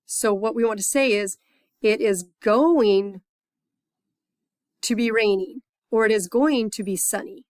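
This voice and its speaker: A woman teaching a recorded language lesson, patient, checking in with "okay" often and reading example phrases slowly. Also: medium pitch, dry recording. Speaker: Spanish teacher.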